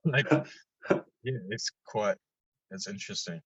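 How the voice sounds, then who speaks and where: A man chatting casually as a podcast guest, laid-back, swearing freely and getting lively when he tells stories. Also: fairly low pitch, a little slow, breathy edge, dry recording, highs cut off. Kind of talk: casual chat.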